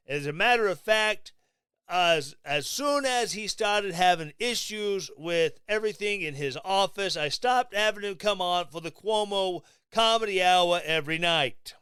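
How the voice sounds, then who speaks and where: A man hosting his own podcast, giving sarcastic, mocking political commentary in a casual, animated way. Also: high-pitched, unhurried, clean tone, no echo, clean studio sound. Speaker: podcast host.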